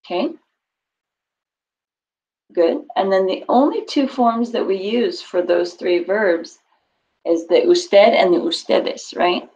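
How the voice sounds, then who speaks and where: A woman's voice: medium pitch, takes it slowly, long pauses, darkish tone. A woman teaching Spanish to a class over a video call, explaining patiently and encouraging students. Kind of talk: online class instruction. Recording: dull lo-fi call audio.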